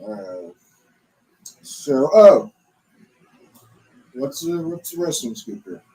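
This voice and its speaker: A man's voice: mid-range voice, big pitch swings, slow, dark tone, far from the mic, low-quality recording. A man hosting a casual podcast, chatting about basketball and agreeing a lot. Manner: lots of yeahs, backchannel agreement. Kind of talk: casual sports chat.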